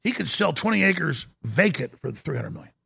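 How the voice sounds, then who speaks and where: A middle-aged man, hosting a talk show in a mocking, animated rant that breaks into shouts and mimicked voices. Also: a little high, normal speed, vocal fry, husky. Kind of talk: ranting monologue.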